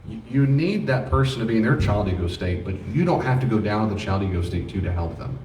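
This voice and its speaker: A man's voice: on the low side, expressive, quick pace, a little mellow. A man teaching a class on grief, speaking earnestly and acting out short exchanges as examples. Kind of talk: classroom lecture with role-play examples. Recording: echoey room, mic far off, faint noise.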